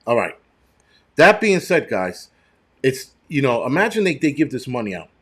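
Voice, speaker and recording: A man's voice: mid-range voice, big pitch swings, moderate pace. A middle-aged man hosting a live stream, talking in a loose, rambling way and breaking into profane, heated rants with many restarts. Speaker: show host.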